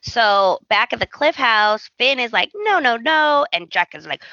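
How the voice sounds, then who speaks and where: A woman's voice: mid-range voice, animated, normal speed, creaky, sharp tone, dry recording, highs cut off. A woman co-hosting a podcast, chatting casually with wry, dry jokes. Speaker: podcast co-host. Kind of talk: casual chat recapping a soap opera.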